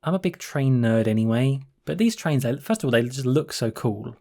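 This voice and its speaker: Chatty male host, mid-pitched, rambling and laughing as he tells stories. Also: animated, moderate pace, warm tone. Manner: chatty, laughs often, many restarts. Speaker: channel host. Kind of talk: rambling casual storytelling over gameplay.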